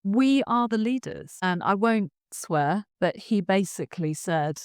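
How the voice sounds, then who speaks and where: A woman's voice: medium pitch, expressive, a little slow, few pauses, dry recording, studio quality. A woman, a leadership expert guesting on a podcast, telling her story in a candid, emotional way. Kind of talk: conversational interview.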